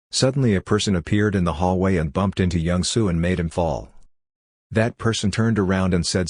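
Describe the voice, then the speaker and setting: A man narrating a comic story recap in a steady, even scripted read. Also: low-pitched, normal speed, no echo, studio quality.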